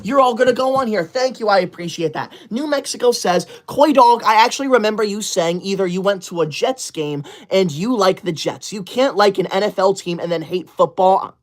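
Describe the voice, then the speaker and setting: A livestreamer reading viewer super chats in an over-the-top teacher's-pet persona, bossy and indignant, quick to scold viewers and kick them out. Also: medium pitch. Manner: prim, rule-enforcing and self-important.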